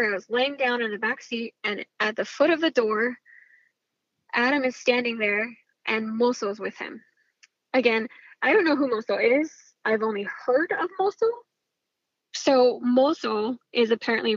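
Emphatic woman, husky and lo-fi. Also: a little high, no echo. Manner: emphatic, swearing, acts out quoted dialogue. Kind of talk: casual storytelling. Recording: muffled, dry lo-fi sound.

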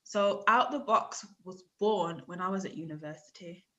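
A woman in her thirties with a lowish voice tells her story as a guest on a podcast. She talks casually and with lots of life, acting out what other people said and laughing often. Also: moderate pace, a bit bright. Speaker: podcast guest, writer and journalist.

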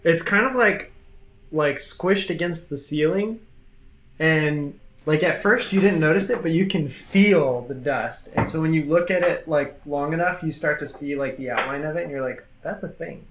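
A game master narrating a tabletop game in a rambling way, filling pauses with "like", recorded in an echoey room. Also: mid-range voice. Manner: rambling, many fillers. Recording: echoey room, faint noise.

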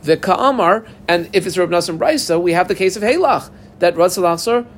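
A man's voice: high-pitched, lively intonation, fairly quick, slight background noise. A man teaching a Talmud lesson, walking through the text step by step and asking and answering his own questions. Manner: explains step by step, quotes Aramaic and Hebrew terms. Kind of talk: daf yomi Talmud lesson.

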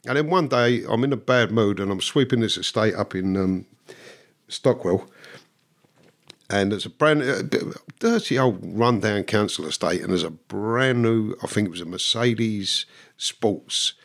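A man's voice: lowish voice, creaky. An older man, telling his story as a podcast guest in a blunt, swearing, vivid way. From London. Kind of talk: storytelling interview.

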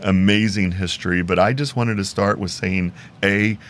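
A man's voice: low-pitched, steady tone, moderate pace, a bit bright, a little hiss or hum. A man hosting an interview podcast in an upbeat, enthusiastic way, chatting casually over a video call. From Houston, Texas. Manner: upbeat, enthusiastic, laughs often. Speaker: podcast host.

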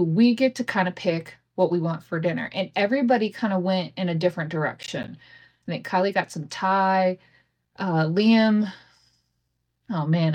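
A woman in her thirties hosting her own podcast, telling a family story in a candid, casual way, swearing freely and laughing often, recorded on a home setup with imperfect audio. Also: lowish voice. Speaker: podcast host.

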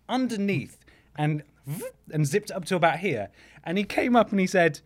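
A man's voice: on the high side, moderate pace. A young man hosting a podcast, telling a funny anecdote in casual chat and acting out what people said with self-mocking humor. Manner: animated, self-mocking, acts out quotes. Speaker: podcast host.

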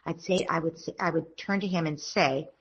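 A woman giving parenting advice in a podcast conversation, acting out gentle things a parent would say. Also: low-pitched, moderate pace, breathy edge, highs cut off. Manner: acts out gentle parent lines in a lilting voice. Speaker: parenting expert guest.

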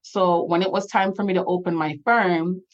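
A woman's voice: fairly low pitch, steady tone, normal speed, lo-fi sound. A young woman with a Jamaican accent, a lawyer telling her story as a guest in an interview, chatty and often laughing as she quotes herself and others. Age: young adult.

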